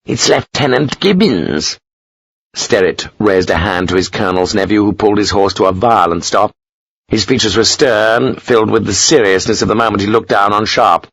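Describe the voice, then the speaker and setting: A man reading an audiobook in a measured, expressive narration. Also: lowish voice, no echo, low-quality recording. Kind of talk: scripted narration.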